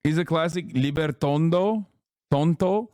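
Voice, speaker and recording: A man's voice: a little high, unhurried, darkish tone, dry recording, studio quality. A man in his thirties giving sarcastic, joking live-stream commentary as he reacts to a clip. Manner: sarcastic, joking, laughs often.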